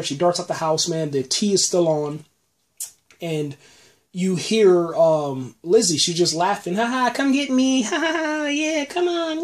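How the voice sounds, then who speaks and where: A man hosting a casual podcast episode review, rambling in an animated way with lots of restarts. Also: on the high side. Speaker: podcast host.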